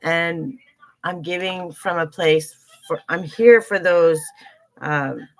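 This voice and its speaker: A woman's voice: on the low side, slow pace. A woman hosting a live stream as an intuitive card reader, talking earnestly and emotionally, swearing casually and greeting viewers as they join. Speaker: livestream host, intuitive reader.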